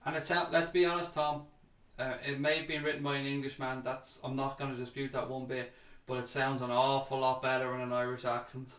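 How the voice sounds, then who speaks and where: A man's voice: medium pitch, little pitch movement, a little fast, a bit bright. Chatty man on a roomy livestream. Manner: chatty, addresses viewers as mate. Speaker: livestream host reading viewer comments. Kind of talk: casual fan chat livestream.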